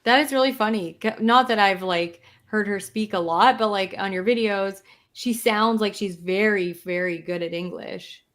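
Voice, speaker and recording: A woman's voice: mid-range voice, normal speed, fairly bright tone. A woman co-hosting a podcast in casual chat. She is curious and musing, thinking aloud with many "like" fillers as she asks questions. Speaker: podcast co-host.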